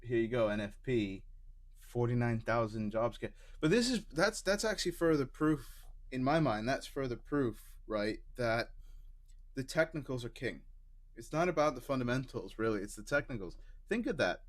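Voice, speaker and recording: A man's voice: mid-range voice, very animated, normal speed. A man co-hosting a live trading show, laughing easily and getting emphatic when he makes a point. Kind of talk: casual trading chat.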